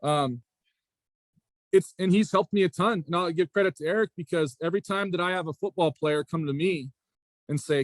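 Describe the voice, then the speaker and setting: Speaking at a moderate pace with no room sound, a high school basketball coach and athletic director in his forties tells meandering stories during a casual interview. He restarts a lot and keeps returning to "again" and "right?".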